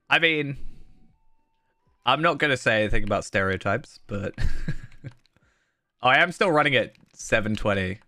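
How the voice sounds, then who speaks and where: A man's voice: mid-range voice, animated, takes it slowly, pauses often, sharp tone, dry recording, faint music behind. A man from the south of the UK with a southern British accent, chatting casually with his live-stream chat while gaming, rambling and chuckling often. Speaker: game streamer.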